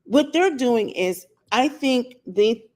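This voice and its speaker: A channel host with a fairly high, darkish voice talks to camera outdoors in sunlight, slow yet animated. Her casual opinion monologue is full of rhetorical questions aimed at viewers.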